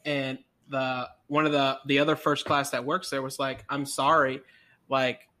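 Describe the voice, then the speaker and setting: A man's voice: mid-range voice, flat delivery, normal speed, bright, forceful tone. A man co-hosting a podcast in casual chat, laid-back, swearing and laughing easily. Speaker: podcast co-host.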